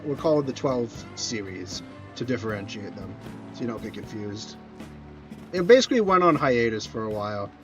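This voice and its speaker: Rambling man streamer, lively voice. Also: medium pitch, rough recording. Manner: rambling, self-correcting, answers chat questions. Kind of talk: casual chat while streaming a game.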